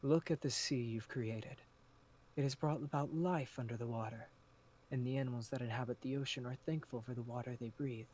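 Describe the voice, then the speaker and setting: A man voicing a gentle, tentacled spirit of sorrow in a told story, speaking slowly and soothingly. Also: mid-range voice, steady tone, natural voice. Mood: reassuring.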